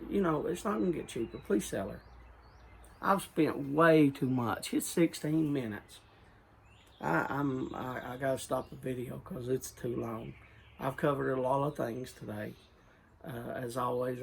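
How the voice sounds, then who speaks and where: A man's voice: mid-range voice, measured pace, vocal fry, slight background noise, poor audio. A man with a rural Southern US accent talking in a casual, rambling vlog style about pipe tobacco, repeating and correcting himself and earnestly urging his viewers.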